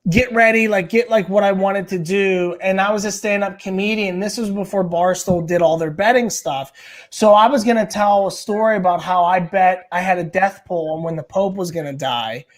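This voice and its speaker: A man, a stand-up comedian and podcast guest, telling a story in casual, rambling, profane chat full of filler words. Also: sits high.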